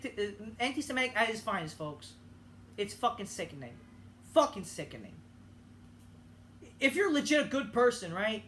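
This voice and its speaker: Young woman, vlogger, angry rant, high voice, sharp tone, profane, halting restarts.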